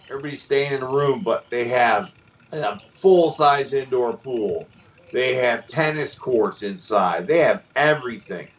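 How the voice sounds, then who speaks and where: A man and former pro wrestler, co-hosting a show and telling stories in a casual, animated way, acting out other people's voices. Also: mid-range voice, far from the mic, poor audio. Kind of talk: casual storytelling.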